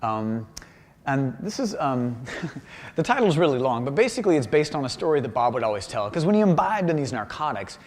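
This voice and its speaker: A man giving a humorous public talk about his paintings in a university auditorium, animated and self-deprecating. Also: medium pitch, a little fast, long reverb tail. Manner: animated and self-deprecating, acts out quoted voices. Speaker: visiting artist giving a lecture.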